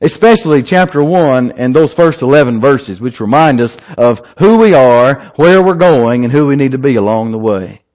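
A man preaching an evening sermon, emphatic and lively, asking the listeners rhetorical questions. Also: medium pitch, normal speed, few pauses. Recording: slightly dull lo-fi recording.

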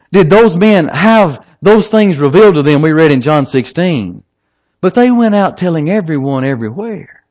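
A man preaching with a high, lively voice that swings widely in pitch. He is emphatic and puts rhetorical questions to his congregation. The recording sounds somewhat dull and lo-fi. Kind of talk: evening sermon.

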